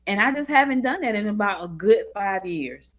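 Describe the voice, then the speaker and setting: A woman's voice: medium pitch, moderate pace. A woman hosting a talk show, chatting casually and telling stories with lots of laughter. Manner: laughing, animated storytelling. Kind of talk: casual chat.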